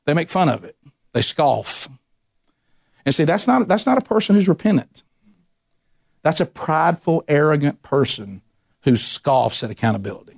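A man preaching a sermon as a pastor, in an animated style with frequent restarts and rising emphasis. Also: on the high side, moderate pace, gravelly, pauses often.

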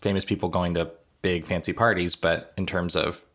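A man's voice: low-pitched, flat delivery, normal speed, fairly bright tone. A man co-hosting an awards podcast, talking casually and wryly with small laughs. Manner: wry, laughs between phrases. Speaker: podcast co-host. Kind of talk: casual chat.

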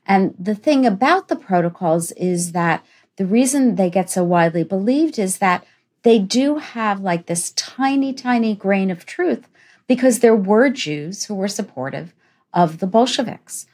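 A woman's voice: medium pitch, expressive, unhurried, a little mellow. A woman historian, a guest on a podcast interview, explaining in an emphatic way.

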